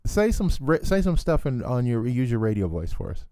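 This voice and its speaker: A man's voice: medium pitch, sing-song, brisk, dark tone, no echo, studio quality. A man hosting a radio show, chatting in a loose, rambling way with restarts and fillers. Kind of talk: casual interview chat.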